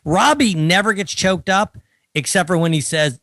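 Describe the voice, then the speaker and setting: A man's voice: sits high, moderate pace, no echo. A man, co-hosting a casual podcast, telling stories with wry teasing. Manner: animated storytelling, wry teasing. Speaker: co-host.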